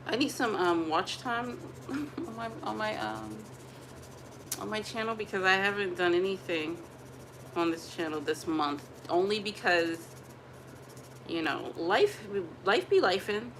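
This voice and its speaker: A young woman talks straight to her viewers in a loose, chatty vlog, quick to laugh and animated. Her voice sits at a middle pitch, and a faint noise hangs behind her at home. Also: rough recording. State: pregnant. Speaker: vlogger. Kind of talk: casual chat to camera.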